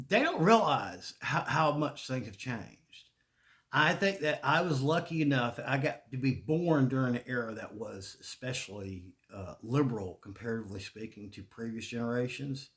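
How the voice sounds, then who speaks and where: With a medium-pitched, slightly bright voice, a Southern man in his forties from Charlotte hosts a podcast of rambling casual stories. He swears freely, laughs often and frequently starts over.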